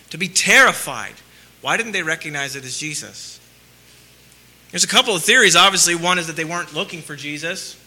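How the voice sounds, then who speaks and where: Man, pastor, sermon, very bright tone, rhetorical questions, loud-soft swings. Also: sits high, expressive, a little fast.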